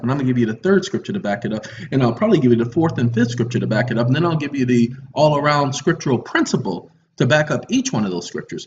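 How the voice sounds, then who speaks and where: A man's voice: mid-range voice, darkish tone, slight background noise. A man giving a lecture monologue in a preachy, confrontational manner with teasing asides. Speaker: online lecturer. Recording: muffled audio with faint music.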